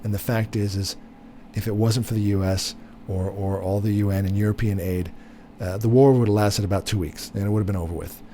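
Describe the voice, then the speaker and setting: A man's voice: on the low side, fairly even intonation, fairly quick, warm tone, a little hiss or hum. A man giving blunt, opinionated political commentary, repeating himself with many fillers and restarts. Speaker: commentary host.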